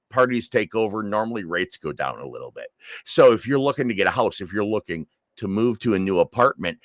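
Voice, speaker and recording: A man with a fairly low voice tells a personal story straight into his own camera, in the loose, conversational way of a credit coach giving advice. He circles back and repeats key phrases for emphasis. The sound is close and dry, with no room echo. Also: a bit bright. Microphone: self-filmed camera.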